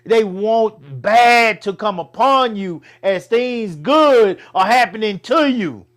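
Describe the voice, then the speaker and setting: A man from Texas, co-hosting a casual talk show, animated and repeating himself when he gets fired up. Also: sits high, slow pace. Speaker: podcast co-host. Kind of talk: casual chat.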